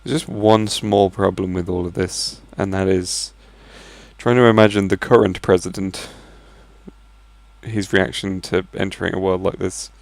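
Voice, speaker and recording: A man's voice: low-pitched, steady tone, a little slow, gravelly, dry recording. A man with a Birmingham accent casually commentating on a video game, joking wryly as he plays. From England. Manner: wry and jokey, reading game lines aloud in silly voices. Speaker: let's play commentator.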